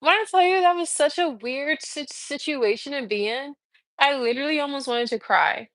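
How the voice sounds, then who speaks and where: A woman in her thirties, a massage therapist, telling a story on a casual livestream with animated, exasperated, swearing talk. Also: high-pitched, normal speed, dry recording.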